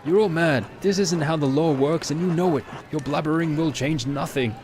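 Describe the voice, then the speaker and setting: A man's voice: on the low side, moderate pace, darkish tone, a little hiss or hum, lightly acted. A man reading lines for a cornered male con artist who pleads and then turns spiteful. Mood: defiant.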